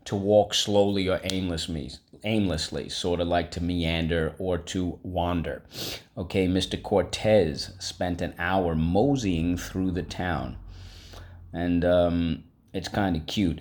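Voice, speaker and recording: A man's voice: deep voice, steady tone, takes it slowly. A man teaching a vocabulary lesson, upbeat and coaxing, repeating each word for students to echo.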